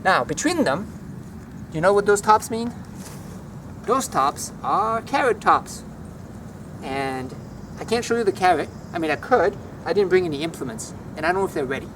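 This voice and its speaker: A man walking through a home vegetable garden outdoors, naming plants and teaching their French words in a relaxed, chatty way. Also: high voice, moderate pace, long pauses, noisy background. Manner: relaxed, chatty, easily enthused. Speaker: language teacher giving a garden tour.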